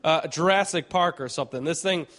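An excitable male preacher, voice on the high side and brisk, tells a vivid vision story in his sermon. He restarts frequently and lurches between hushed speech and shouting.

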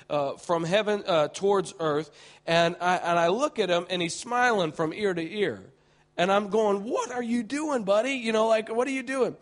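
A high-pitched male preacher recounts a vivid vision in his sermon. He's excitable and full of restarts, swinging from hushed tones to shouts.

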